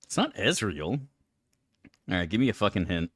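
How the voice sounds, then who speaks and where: Guy streaming a game, low voice that swings all over, swears a lot, dry close sound. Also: sing-song, normal speed, a bit bright, dry recording. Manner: profane, exaggerated complaining, chummy with chat. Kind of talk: casual live-stream chat while gaming.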